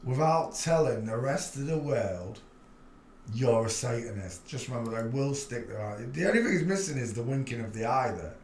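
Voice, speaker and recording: A man's voice: medium pitch, animated, moderate pace, a little mellow, slight background noise. A man hosting a livestream, talking in a chatty, rambling and blunt way and laughing at his own jokes. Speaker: livestream host. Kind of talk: casual livestream commentary. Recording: roomy echo.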